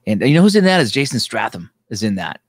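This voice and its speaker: A man hosting a casual chat, relaxed and joking, chiming in with short replies. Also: mid-range voice, fast, no echo, clean studio sound. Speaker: host.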